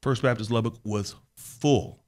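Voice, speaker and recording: Earnest, animated male storyteller. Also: lowish voice, a little slow. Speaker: podcast guest, college sports staff. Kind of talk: casual interview conversation.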